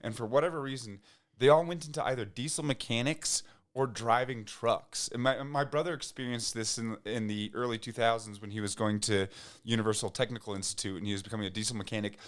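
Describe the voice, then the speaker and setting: A man's voice: medium pitch, brisk. Rambling man chatting casually. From United States. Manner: rambling, frequent restarts and fillers, laughs when excited. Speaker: podcast guest. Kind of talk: casual conversation.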